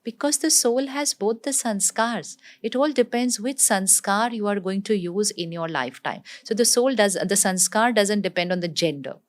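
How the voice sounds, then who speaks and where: A woman, explaining spiritual ideas in an interview in a calm, teacherly way, often repeating herself for emphasis. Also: mid-range voice, normal speed, few pauses.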